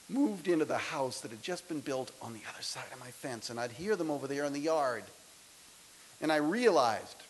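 In a lecture hall, a man in his sixties gives a motivational speech to students, swinging between loud emphasis and soft, intimate lines. His voice is a little high, and the recording quality is low.

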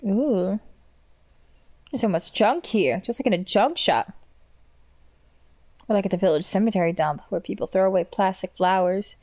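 A woman's voice: medium pitch, lively intonation, moderate pace, long pauses, warm tone, no echo. A woman streamer playing a game, reading and translating its lines aloud with casual, swearing jokes between them. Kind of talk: casual let's play commentary. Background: faint game music.

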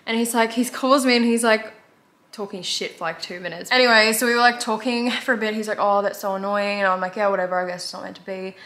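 A woman's voice: mid-range voice, fairly even intonation, fairly bright tone. Chatty young Australian woman vlogger. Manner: fast rambling with frequent "like" fillers. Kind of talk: casual chatty storytelling to camera.

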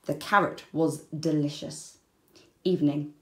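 A woman reads a children's picture book aloud in a slow, unhurried way, her voice mellow and lower than most. Her pitch climbs and dips a lot from phrase to phrase, and many words trail off into soft, breathy endings. The sound carries a noticeable room echo. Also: expressive. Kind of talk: storybook read-aloud. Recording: roomy echo.

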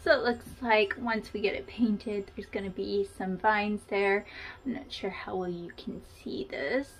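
A woman's voice: medium pitch, fairly even intonation, unhurried. A woman hosting a casual craft tutorial, chatting to the viewer and poking fun at herself as she works. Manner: chatty and self-deprecating, talking to the viewer while working.

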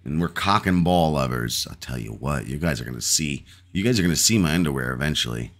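Lively joking man on a podcast. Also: extremely low pitch, fairly quick. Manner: joking, loose and profane. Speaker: podcast co-host. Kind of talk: casual chat.

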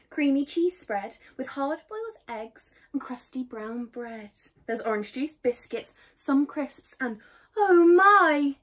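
High expressive woman reading a storybook. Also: husky. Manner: asks young listeners questions, expressive, sometimes whispers. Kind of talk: interactive picture-book read-aloud.

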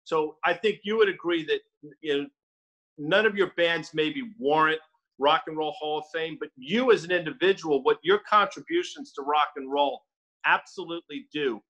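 Bright-voiced male co-host. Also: a little high, expressive, normal speed, rough recording. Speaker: podcast co-host. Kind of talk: casual interview chat.

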